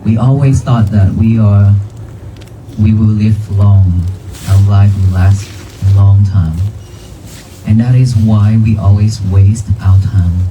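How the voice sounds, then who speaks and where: A deep-voiced man from Vietnam speaks slowly as he gives a dharma talk to a crowd in a cemetery. He repeats his points and turns to his listeners with questions. The recording is noisy, with traffic clearly heard behind him. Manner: calm, repetitive, asks the crowd questions. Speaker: Buddhist monk giving a talk. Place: outdoors in a cemetery.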